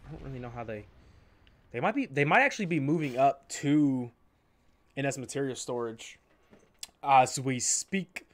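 Rambling man commenting on his gameplay. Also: medium pitch. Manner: rambling, self-mocking, repeats himself. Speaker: gaming channel host. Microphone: desk microphone in a squeaky chair. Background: faint game gunfire.

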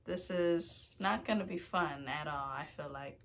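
A woman YouTuber hosting a casual food challenge vlog, talking nervously and exclaiming loudly. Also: on the low side, moderate pace, few pauses, a little hiss or hum.

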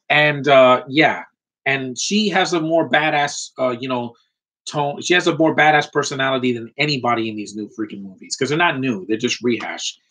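Thirties man, husky voice, casual opinionated vlogger, swears often, mid pitch. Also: a bit bright. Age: 30s. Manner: opinionated, frequent mild swearing, rambling asides. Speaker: collector showing his items. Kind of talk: casual ranting vlog.

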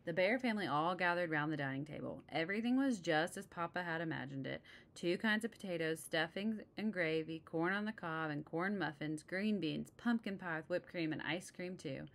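A woman's voice: on the low side, normal speed, few pauses. Woman reading a children's book aloud. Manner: casual asides between passages. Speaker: storybook reader.

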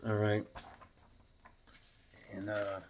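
A man reviewing comics in a casual, excitable, rambling way, full of fillers. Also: lowish voice, drawn-out words, slight background noise.

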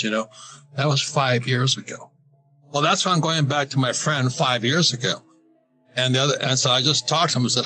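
Older male interview guest, bright tone, rambling storyteller with restarts, soft music under. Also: medium pitch, fairly quick. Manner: rambling, restarts and laughs while telling anecdotes. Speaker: guest, financial author. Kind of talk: casual interview talk.

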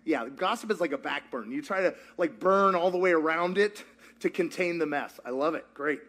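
A man's voice: on the high side, moderate pace, fairly bright tone. A man leading a church teaching session, playful and jokey, asking the audience questions and repeating their answers. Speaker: pastor leading a group discussion. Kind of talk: interactive teaching talk with audience.

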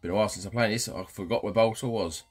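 Male let's-player, low husky voice, cheeky banter to viewers. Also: rapid-fire, faint music behind. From England. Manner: cheeky, banter-heavy, keeps addressing viewers. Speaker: gaming channel host. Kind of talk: casual let's-play commentary.

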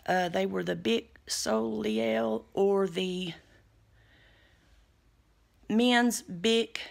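A woman's voice: mid-range voice, gravelly, fairly bright tone. A woman talking casually to camera as a vlogger, in a homey, chatty and devout way, recorded on a handheld phone camera. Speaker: vlogger sharing store deals.

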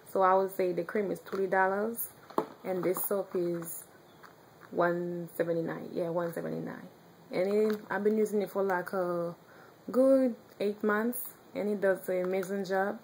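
A young woman with a strong Haitian accent, chatting casually in a home video, now and then pausing to search for words. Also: mid-range voice, darkish tone, a little hiss or hum, rough recording. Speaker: vlogger. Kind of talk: casual chat.

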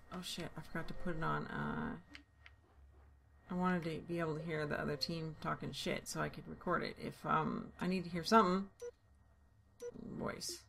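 A woman playing a shooter solo, talking to herself through a headset, swearing freely and yelling at enemies, tired and loopy. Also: lowish voice, creaky. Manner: swears often and shouts at enemies, with loud excited outbursts. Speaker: gamer streaming her own play. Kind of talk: casual gameplay commentary.

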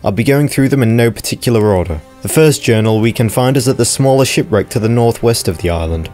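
A man's voice: medium pitch, animated, fast talker, hardly any pauses, darkish tone, faint music behind. A man narrating game lore in a casual scripted way, with wry, joking asides.

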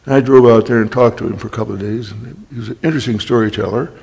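An older man, a guest speaker, telling wry anecdotes in a storytelling talk and clearing his throat often. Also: medium pitch, rapid-fire, a little mellow. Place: library talk hall. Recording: long hall reverb.

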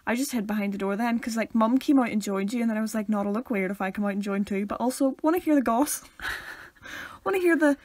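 A woman's voice: fairly high pitch, quick pace, darkish tone, dry recording. A young woman with a Northern Irish accent, co-hosting a casual podcast, chatty and laughing often as she talks over her sister. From Northern Ireland. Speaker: podcast co-host. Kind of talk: casual chat.

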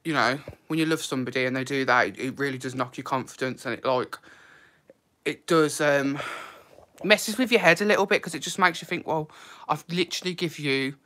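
A man hosts a casual live stream, talking openly and with feeling. His delivery is loose and chatty, full of "like" and "literally." The voice sits bright and forward. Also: mid-range voice, brisk. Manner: chatty and emotional, heavy use of "like" and "literally".

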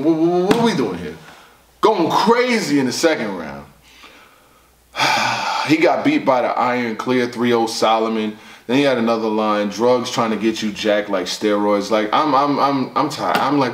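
A man recapping a battle rap in casual, animated, profane commentary, reacting loudly and repeating words as he quotes lines. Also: medium pitch, moderate pace, reverberant, recorded from a distance, slight background noise.

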